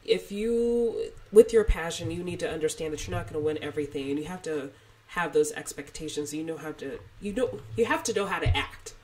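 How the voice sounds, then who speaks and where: A woman co-hosting a podcast in casual chat, chatty and animated with self-mocking humor. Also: low voice, fairly quick, breathy edge. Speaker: podcast co-host.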